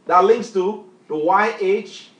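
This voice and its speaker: A man's voice: high-pitched, slow pace, a bit bright. A man preaching a bible lesson, emphatic, repeatedly quizzing a reader with questions. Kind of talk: street-style bible teaching sermon.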